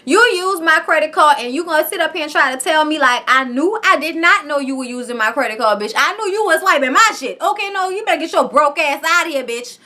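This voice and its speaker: Brief: a woman voicing a high, bright, furious friend, scolding and profane. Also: expressive, fairly quick, hardly any pauses. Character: angry woman cussing out a freeloading friend.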